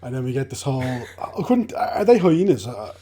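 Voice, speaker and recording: A man's voice: mid-range voice, sing-song, moderate pace, noisy background. A man co-hosting a film podcast, chatting in a laid-back way, laughing a lot and trailing off mid-sentence. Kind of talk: casual film review chat.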